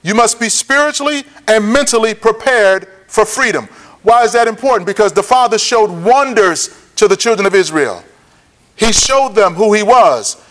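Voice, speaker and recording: High-voiced man teaching Bible. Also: lively intonation, fairly bright tone. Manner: repeats key points slowly for note-taking; checks in with listeners. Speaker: preacher.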